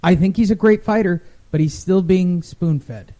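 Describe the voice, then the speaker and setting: A man's voice: sits high, unhurried, warm tone. A man co-hosting a casual sports talk show, recapping fights in a wry, rambling way. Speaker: podcast co-host.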